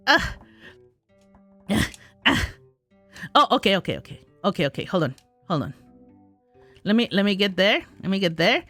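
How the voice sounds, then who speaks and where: Bright, giggly woman gaming out loud. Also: mid-range voice, sing-song, a little slow, pauses often, faint music behind. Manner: giggly, self-talking, exclaims in frustration. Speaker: gaming streamer. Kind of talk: live gameplay commentary.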